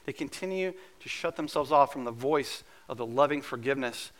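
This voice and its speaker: A man serving as pastor, preaching a conversational, earnest sermon that at times drops to a hush. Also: mid-range voice, brisk. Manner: conversational and earnest, with soft hushed asides.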